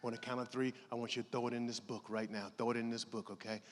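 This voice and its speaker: A man's voice: medium pitch, level tone, fast. A man giving a motivational keynote, rallying the audience and leading them in call-and-response. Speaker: keynote speaker. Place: large conference hall. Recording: hall reverb, audience noise.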